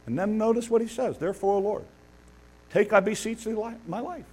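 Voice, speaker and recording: A man preaching a sermon, animated, acting out the biblical figures he tells about with a laugh now and then. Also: high voice, a little fast, husky. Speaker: pastor.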